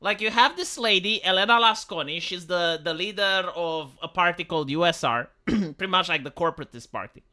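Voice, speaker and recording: A man's voice: high voice, a little fast, few pauses. A man from Romania, ranting casually on a live stream with lots of stammers and swearing. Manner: profane, stammering, animated. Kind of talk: casual livestream rant.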